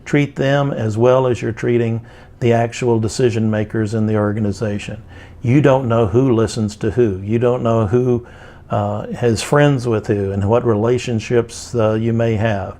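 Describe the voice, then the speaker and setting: A man's voice: medium pitch, steady tone, normal speed, dark tone. Plainspoken older Texan man lecturing. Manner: plainspoken, folksy, with frequent fillers. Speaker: instructor. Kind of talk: recorded lecture.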